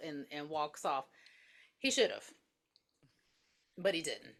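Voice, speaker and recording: Animated woman recapping a movie. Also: fairly low pitch, normal speed, pauses often. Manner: animated, acts out characters' lines. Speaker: podcast co-host. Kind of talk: casual movie recap chat.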